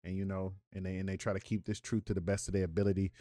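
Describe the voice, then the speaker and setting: A man's voice: low-pitched, level tone, racing, mellow, dry recording. A man hosting reaction commentary on a clip, mocking and incredulous, then delivering preachy rebukes. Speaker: commentator and host.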